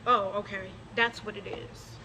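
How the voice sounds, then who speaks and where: A religious vlogger delivers a scolding, confrontational direct-to-camera rant, mocking the people she addresses. Her medium-pitched voice is bright and forceful with fairly even intonation and a slightly slow pace. The rough recording carries a little hiss or hum.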